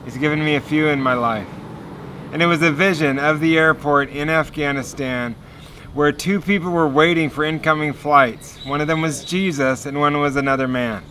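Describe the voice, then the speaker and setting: A man telling a personal faith story in an earnest, animated sermon style. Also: a little high, normal speed, slight background noise. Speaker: speaker giving a testimony.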